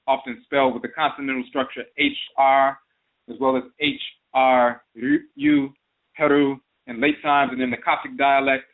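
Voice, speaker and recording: A man hosting an internet radio talk show, explaining terms methodically in a lecture style, listing one variant after another. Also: medium pitch. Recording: phone-line audio.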